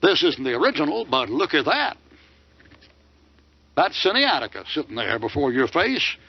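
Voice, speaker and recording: A man's voice: on the high side, sing-song, moderate pace, slightly rough. An older man preaching a fiery sermon lecture, firing off mocking rhetorical questions. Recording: dull lo-fi dry recording.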